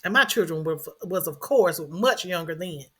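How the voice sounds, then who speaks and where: A woman's voice: lowish voice, lively intonation, normal speed, a bit bright, slightly rough. A middle-aged woman, earnestly telling a personal story as a podcast host and repeating phrases for emphasis.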